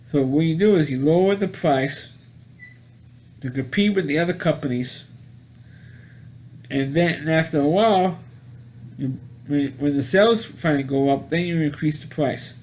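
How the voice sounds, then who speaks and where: A man casually recapping a movie plot, rambling and halting with many restarts and repeated words. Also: a little high, a little mellow. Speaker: movie reviewer.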